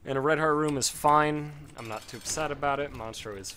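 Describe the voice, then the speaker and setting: A man's voice: a little high, fairly even intonation, fairly quick, pushed and bright. A young man chatting offhand and rambling while he plays a game, swearing casually. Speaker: gaming video host. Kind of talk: casual commentary over gameplay.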